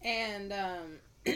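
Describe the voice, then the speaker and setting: A woman's voice: medium pitch, fairly bright tone. A woman co-hosting a podcast, teasing her partner in casual chat. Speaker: podcast co-host.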